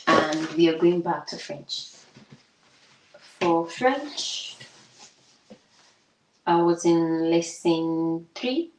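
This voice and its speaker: Woman, slow and thinking aloud, casual study stream, far from the mic in an echoey bedroom. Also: fairly low pitch, expressive. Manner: slow, thinking aloud while she sets up. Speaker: student streaming a study session. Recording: roomy, off-mic, noisy.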